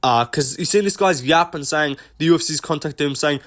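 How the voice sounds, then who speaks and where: A young man giving casual commentary on a tier list, rambling, thinking out loud and swearing often. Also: fairly high pitch, a little fast, hardly any pauses. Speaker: host, MMA commentator.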